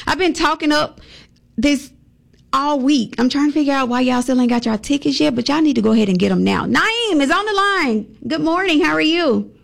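Southern woman radio host, lively and playful, some vocal fry. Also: a little high. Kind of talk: casual radio interview.

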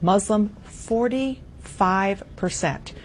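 A woman's voice: medium pitch, extremely slow. A woman news anchor discussing poll numbers on a cable news panel, earnest and dismayed.

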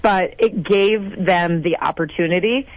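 An animated, gushing woman from South Dakota tells stories as a mayor being interviewed. She talks freely and excitedly, and her voice is recorded close and dry, with no room sound. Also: a little slow, no room sound, low-quality recording. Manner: animated, gushing, acts out quotes in a higher voice. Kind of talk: casual storytelling in an interview.

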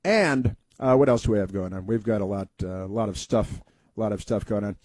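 A man with a lowish, somewhat dark voice talks fairly quickly, with no echo. He's hosting a talk radio show and tells a rambling, folksy story full of fillers and restarts, acting out the voices he quotes.

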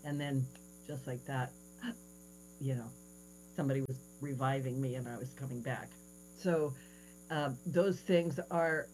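A woman in her sixties hosts a radio interview, her voice low. She tells stories with animated quoted voices. A faint hiss sits under the recording. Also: low-quality recording. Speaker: radio show host. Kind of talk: casual interview chat.

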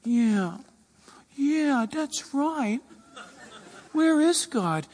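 A man's voice: very high voice, animated, extremely slow, darkish tone, big-room sound, voice pushed up, full character voice. A man voicing a whiny, self-pitying sick man who doubts God.

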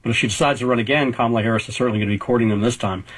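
Husky-voiced man in his fifties. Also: mid-range voice, poor audio. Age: 50s. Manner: measured, hedging, frequent restarts. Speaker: political journalist guest. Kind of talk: conversational political analysis.

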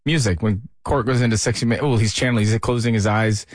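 A man's voice: lowish voice, steady tone, quick pace, no room sound. A man hosting a radio morning show, eager and teasing, with upbeat banter on a studio microphone.

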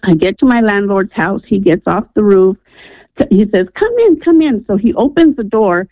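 A woman's voice: medium pitch, lively intonation, normal speed, no echo. Woman telling her story over a phone line. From New Mexico. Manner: earnest storytelling with filler ums. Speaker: radio caller. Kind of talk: call-in testimony. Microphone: telephone. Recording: tinny phone line, dry.

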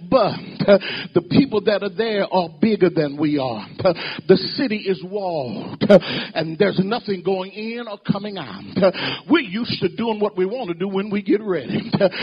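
A man preaching a sermon with call and response, rhythmic, dropping a drawn "uh" between phrases and swelling and falling in loudness as he exhorts the congregation. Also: high-pitched, husky, dull audio.

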